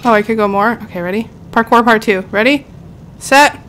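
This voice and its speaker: A woman's voice: a little high, fairly quick, a bit bright, slight background noise. A woman streamer giving chatty, jumpy let's play commentary, talking to her viewers and shrieking when startled. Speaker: gaming streamer.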